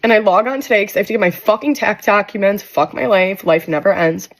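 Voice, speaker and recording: Casting: woman, mid-pitched, exasperated vent with swearing. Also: quick pace. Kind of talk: casual social media vent.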